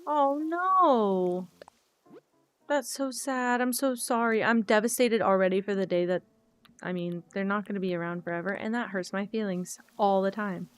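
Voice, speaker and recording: A woman's voice: mid-range voice, steady tone, fairly quick, smooth, soft background music. A woman streaming a game, chatting casually and emotionally with viewers while she plays.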